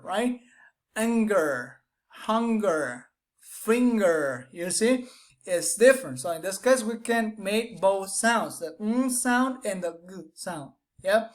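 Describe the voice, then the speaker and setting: A woman teaching English pronunciation who demonstrates each sound aloud, often restarts phrases with "I mean", and keeps checking in with "right?" and "you know?". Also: mid-range voice. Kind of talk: explanatory phonetics lesson.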